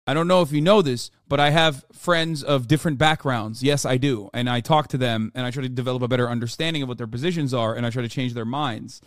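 A man streaming live, reacting to a clip with sarcastic, profane commentary that often erupts into shouted rants. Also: mid-range voice, fast, hardly any pauses, dry recording, clean studio sound.

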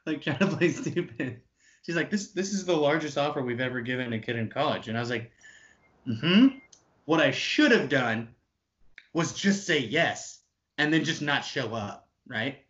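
A man in his twenties telling an animated story, swearing freely and acting out the other people's lines. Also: medium pitch, moderate pace, muffled recording.

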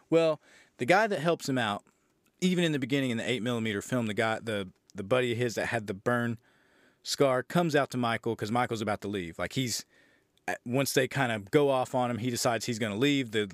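A man's voice: mid-range voice, dry recording, clean studio sound. A man hosting a podcast, casually retelling a movie's plot with profanity, sarcasm and disbelief. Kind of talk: casual movie review recap.

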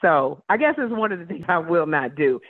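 A woman talk show host, a guest in a casual radio interview, telling stories in a playful, animated way. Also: on the low side, fairly quick, breathy edge. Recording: tinny phone line.

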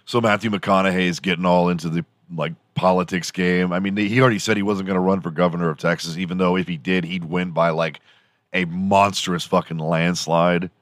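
A man's voice: deep voice, steady tone, brisk, fairly bright tone, no room sound. A man hosting a morning show alone, ranting casually in a loose, profane, rambling way. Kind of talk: casual solo rant.

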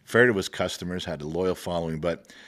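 A man's voice: low voice, brisk, fairly bright tone. A middle-aged man telling long work stories into a podcast microphone. He chuckles often and acts out the people he quotes. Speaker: guest. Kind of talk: casual storytelling.

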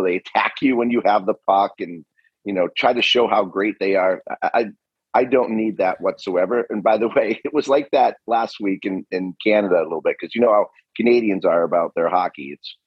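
A man's voice: lowish voice, slightly rough, dry recording, muffled recording. A man co-hosting a podcast in casual chat, telling stories in a laid-back way. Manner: laid-back storytelling, laughs often. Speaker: podcast co-host.

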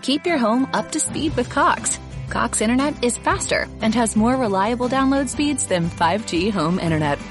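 A woman's voice: a little high, animated, moderate pace. A woman reading a scripted, upbeat and persuasive advertisement. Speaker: ad announcer. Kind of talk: scripted radio ad read. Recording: ad read over clear music.

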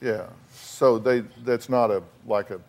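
A man's voice: medium pitch, a little slow, a little mellow. A man hosting a talk show who counsels his guests bluntly, speaking emphatically, repeating his words and using folksy phrases. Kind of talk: confrontational on-stage counseling.

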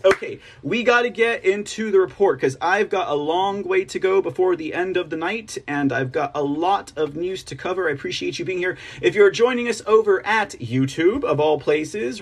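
Male livestream host, fairly high voice, husky, chatty, laughs a lot. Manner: chatty, laughs often, reads chat comments aloud. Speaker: host of a political livestream news show. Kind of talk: casual livestream chat and commentary.

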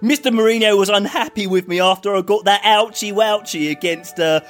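Sketch role: man doing a whiny, childish young footballer reading his diary, high-voiced. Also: fairly quick, soft background music, close to an everyday voice. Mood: self-pitying. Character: whiny young male footballer locked in a cell.

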